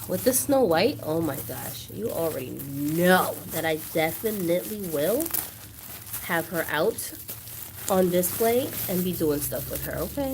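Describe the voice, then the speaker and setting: A woman hosts an unboxing vlog in a gushing, exclamatory way, sometimes close to tears. Her pitch jumps all over the place. A faint hiss of noise sits under the recording. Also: very animated, measured pace. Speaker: doll collector channel host.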